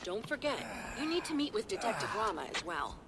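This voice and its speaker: A woman's voice: medium pitch, very animated, brisk, background noise, close to an everyday voice. An actress playing a helpful female ally in a video game, giving friendly directions. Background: game music.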